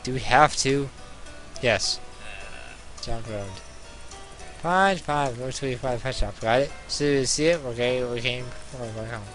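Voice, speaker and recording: A young man hosting a let's play, reading a visual novel aloud and joking between passages in an animated way. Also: mid-range voice, unhurried, pauses often, soft background music. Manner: animated, jumping between narration and jokes.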